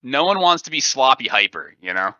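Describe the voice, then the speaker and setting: Bright-voiced rambling podcast guy. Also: mid-range voice, sing-song, fairly quick, dry recording, highs cut off. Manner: rambling, gropes for words with fillers. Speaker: podcast co-host. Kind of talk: goofy comedic podcast banter.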